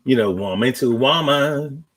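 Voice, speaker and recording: A man talks loosely and profanely as the host of a casual storytelling monologue. His pitch swings widely from phrase to phrase, and he trails off into searching pauses when he hunts for a word. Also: expressive, fairly bright tone.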